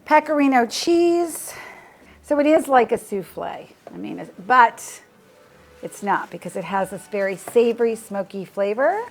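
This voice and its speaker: A woman hosting a casual cooking demonstration in a home kitchen, chatty and quick to laugh. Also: fairly high pitch, lively intonation. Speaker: cooking show host.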